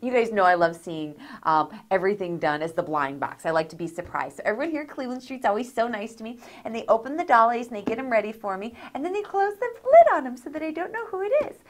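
A woman hosting a doll review, talking excitedly and gushing over each detail with gasps of delight. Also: fairly high pitch, quick pace, few pauses. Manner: gushing, gasping with delight, chatty. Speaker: host of a doll review channel.

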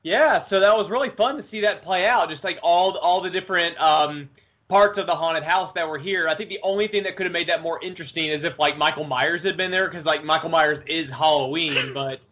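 Podcast host, man, rambling casual chat, dull lo-fi sound, slightly high. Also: brisk, a bit bright. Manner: rambling, filler-heavy.

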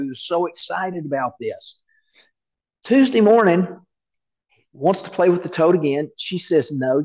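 Animated preacher, dull lo-fi recording. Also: male voice, on the high side. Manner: animated storyteller who acts out quoted voices. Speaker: pastor. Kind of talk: storytelling sermon.

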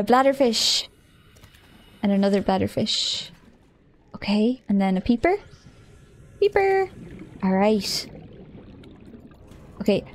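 A woman's voice: medium pitch, a little mellow, a little hiss or hum. A woman streamer chatting casually as she plays, thinking aloud, easily startled and often giggling.

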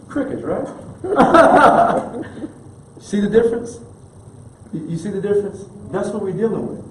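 A man's voice: high-pitched, a little fast, dark tone. A man preaching a sermon as minister, emphatic and colloquial, repeating key phrases for effect. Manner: casual colloquial delivery. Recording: echoey room with faint background noise.

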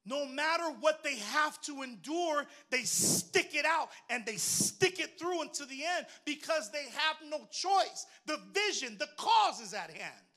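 A woman minister preaching a sermon who moves from shouted emphasis to low, soft storytelling. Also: animated, measured pace, hardly any pauses.

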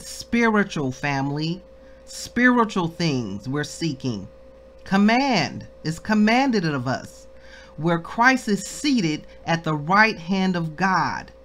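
A woman's voice: lowish voice, a little hiss or hum. A woman in her thirties leading an informal Bible study, reading passages and exhorting listeners with questions she answers herself. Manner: exhorting, asks questions and answers them, exclaims.

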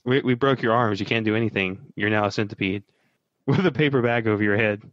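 A man's voice: lowish voice, a little fast, fairly bright tone, no echo, muffled recording. A man hosting a comedy podcast, joking crudely and teasing his co-hosts, then reading the show's wrap-up plainly. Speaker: podcast host. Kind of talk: casual podcast banter and outro.

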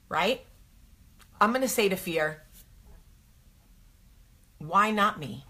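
A chatty woman hosts a casual talk, asking her viewers rhetorical questions. Her voice is bright and forceful, and she takes her time. She sounds like a woman in her thirties. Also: medium pitch, slow pace, pauses often. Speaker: host.

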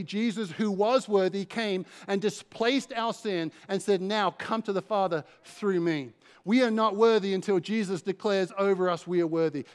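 High-voiced man preaching with passion. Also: clear, resonant tone. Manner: passionate, repetitive preaching with quick asides. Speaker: pastor. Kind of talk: sermon. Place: church service.

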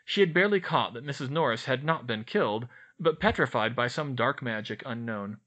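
Audiobook: male narrator, animated, bright tone, expressive read. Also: medium pitch, fairly quick.

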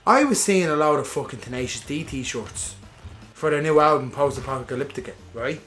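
Faint music plays behind a fairly high-pitched man from Ireland talking at a moderate pace. As a gaming podcast co-host chatting while playing, he's loose and sweary, acting out every quote in animated stories.

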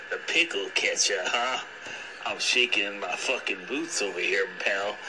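A man voicing a cocky male gangster in a prank phone message, taunting in a high, strained voice. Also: slow pace, rough recording. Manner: high strained taunting, calls everyone boy. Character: cocky male gangster, pickle-gun braggart.

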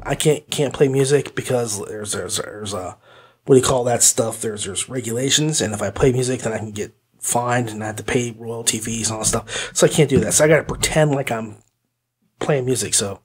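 A man's voice: medium pitch, normal speed, breathy edge. A man hosting an audiobook review podcast, talking casually in a rambling, goofy way. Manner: rambling, goofy, with hummed pretend music. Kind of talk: casual chat.

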